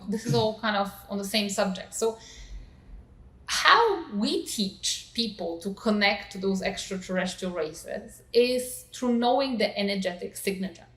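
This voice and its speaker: A woman co-hosting a podcast talks through spiritual ideas in a gentle, searching way. Her voice sits a little high. The room adds a noticeable echo. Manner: gentle, thoughtful, uses many fillers. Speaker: podcast co-host. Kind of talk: spiritual podcast talk, explaining. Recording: roomy echo.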